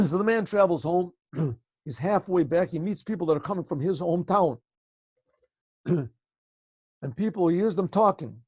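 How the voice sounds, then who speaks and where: A male rabbi telling a story to a class over a video call, conversational and often clearing his throat. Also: high voice, expressive, moderate pace, long pauses, a little mellow, dry recording.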